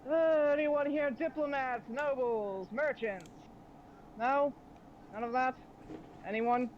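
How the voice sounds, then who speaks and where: Short cocky pirate boss, brisk questioning, played by a woman, higher pitch, dull recording. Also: a little hiss or hum. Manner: brisk, sizing people up. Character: short cocky male pirate leader in heels. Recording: dull lo-fi audio.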